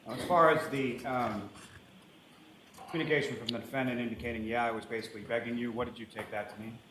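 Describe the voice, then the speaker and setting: A man's voice: medium pitch, fairly even intonation, fast. A man questioning a witness in court as an attorney, formal and polite, repeating set phrases. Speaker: trial attorney. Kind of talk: courtroom direct examination. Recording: roomy courtroom with background noise.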